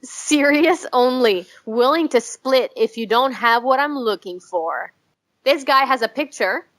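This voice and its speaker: A young woman co-hosting a podcast in casual chat, swearing freely, laughing often and rambling quickly. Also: fairly high pitch, a bit bright. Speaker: podcast co-host.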